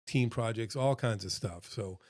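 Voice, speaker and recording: Talking at a moderate pace in a fairly low, darkish voice, a middle-aged man who heads a restaurant consultancy gives an informal talk to camera at home while a dog lingers nearby. He's earnest and conversational, with many fillers and quoted voices. The sound is clean and studio-grade, with no room sound.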